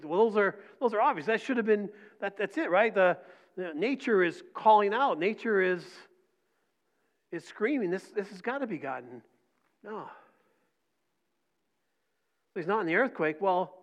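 Middle-aged pastor with a conversational sermon style. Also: male voice, high-pitched. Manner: conversational preaching with frequent "right?" and repeated words; drops to soft near-whispers for emphasis. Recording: dull lo-fi recording.

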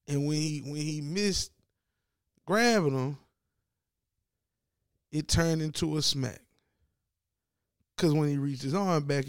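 Gravelly-voiced man ranting profanely. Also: fairly high pitch, no room sound, studio quality. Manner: animated, profane, mocking impressions. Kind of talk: casual sports commentary rant.

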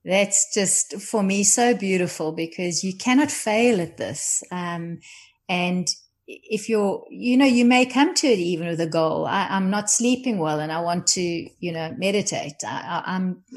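A woman guest speaking gently and thoughtfully about contemplative prayer, often trailing off softly. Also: fairly low pitch, unhurried. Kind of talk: reflective conversation.

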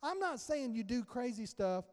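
High-pitched pastor guy preaching casual, doing little back-and-forth bits, big echoey church. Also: very animated, moderate pace. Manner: conversational preaching, acts out dialogue. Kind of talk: sermon. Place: church sanctuary.

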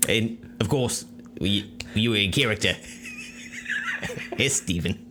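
A man's voice: medium pitch, huge pitch swings, takes it slowly, noisy background. A man co-hosting a podcast in casual, playful chat, joking and slipping into voices. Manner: playful, jokes and slips into voices. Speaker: podcast co-host.

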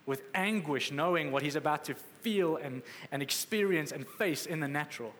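Emphatic preacher in an echoey hall. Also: male voice, a little high, moderate pace, fairly bright tone. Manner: emphatic, conversational preaching with acted-out quotes. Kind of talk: sermon. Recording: echoey hall with faint ambience.

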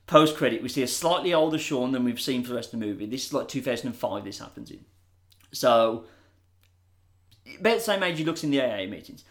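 A man's voice: medium pitch, animated, quick pace, a bit bright. A man co-hosting a podcast, rambling and swearing as he retells a story in casual chat. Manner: rambling, swears, laughs while telling. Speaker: podcast co-host.

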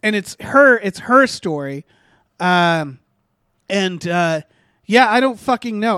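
Male podcast co-host, high-pitched, dry close mic, profane exasperated rambling. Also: lively intonation, measured pace, a bit bright, dry recording. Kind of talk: casual movie review chat.

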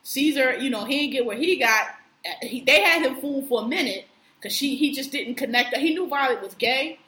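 A woman co-hosting a podcast recaps a film's plot in casual, storytelling chat, acting out the characters' lines with lots of swearing. Her voice is high, animated, brisk, pushed and bright. The room sounds echoey, with faint noise.

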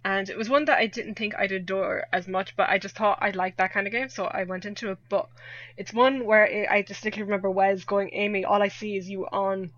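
A woman's voice: mid-range voice, fairly even intonation, brisk, a bit bright. A young woman with an Irish accent chatting casually as a guest, laughing often and poking fun at herself. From Ireland. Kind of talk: casual chat. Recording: dull lo-fi dry audio.

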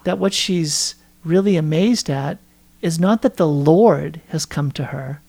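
Thoughtful middle-aged man, gravelly voice. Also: on the high side, measured pace, warm tone. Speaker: podcast co-host. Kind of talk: casual faith conversation.

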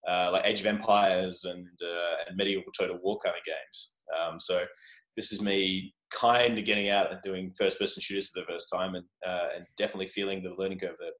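A man's voice: low-pitched, little pitch movement, a little fast, a bit bright. An Australian man chatting as a podcast guest, rambling and self-deprecating. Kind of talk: casual interview chat. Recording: roomy echo.

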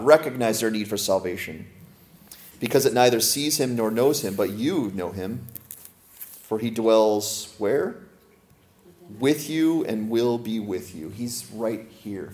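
Man preaching with rhetorical questions. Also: lowish voice. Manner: slows and softens when reading scripture aloud; joking asides with laughter. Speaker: pastor. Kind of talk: sermon.

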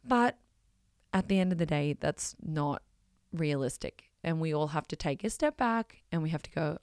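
A woman's voice: sits low, animated, normal speed, darkish tone, clean tone, dry recording, clean studio sound. A woman, a parent of school-age kids, talking in a blunt, emphatic, casual monologue and swearing freely. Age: adult parent of school-age kids.

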